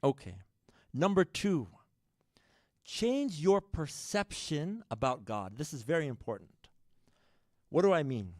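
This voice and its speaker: Male preacher, sermon, animated delivery, slightly high voice. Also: slow pace, pauses often, no room sound, clean studio sound. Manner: animated, shifts loudness widely, addresses the audience directly. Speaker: speaker at a religious program. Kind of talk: sermon with a storytelling. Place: mosque or community hall.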